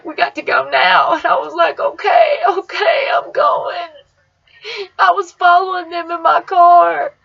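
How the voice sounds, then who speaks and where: Creaky-voiced woman, lo-fi. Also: sits high, bright, forceful tone. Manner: emotional, rambling retelling. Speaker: vlogger. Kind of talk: personal storytelling vlog. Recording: dull lo-fi sound.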